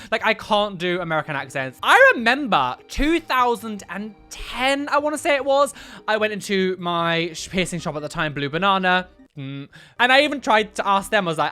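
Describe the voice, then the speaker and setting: A young man hosting a reaction video, animated and exclamatory with frequent laughs. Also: high-pitched, quick pace. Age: young adult. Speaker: YouTube reaction host. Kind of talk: reaction commentary.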